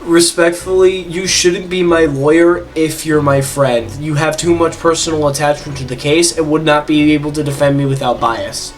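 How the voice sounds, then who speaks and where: A man's voice: a little high, fairly even intonation, moderate pace, hardly any pauses, natural voice. A man reading aloud the lines of an earnest young defendant in a game, in his own voice. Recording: distant mic with game music behind.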